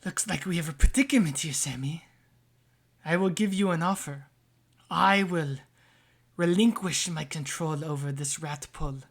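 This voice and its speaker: A man voicing an ominous spirit that speaks slowly and half-whispers inside a character's head in a tabletop game. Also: on the high side. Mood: bargaining. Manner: slow, hushed, half-whispered bargaining.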